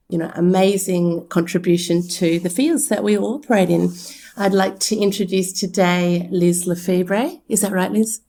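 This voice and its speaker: A woman's voice: lowish voice, creaky, darkish tone. A woman with an Australian accent co-hosting a podcast, chatty and upbeat, introducing guests. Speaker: podcast co-host. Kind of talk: casual podcast chat.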